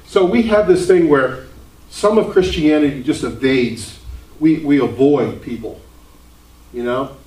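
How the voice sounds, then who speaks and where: A man's voice: medium pitch, a little slow, darkish tone. A man teaching a ministry class in a sermon-like lecture, earnest and building to emphatic questions. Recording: roomy echo, mic at a distance.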